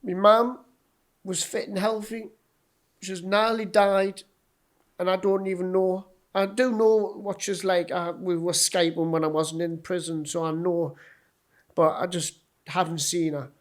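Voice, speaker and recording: A man from the North East of England with a broad Geordie accent, speaking a little higher than most men. He tells his personal story as a podcast guest, blunt and sweary, slipping into the voices of the people he met. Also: fairly even intonation, a little slow.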